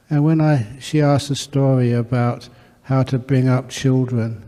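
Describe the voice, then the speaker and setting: A man, a Buddhist monk, telling stories in a dharma talk and acting out the dialogue. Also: mid-range voice. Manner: warm anecdotal storytelling with acted dialogue. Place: monastery hall. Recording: long hall reverb.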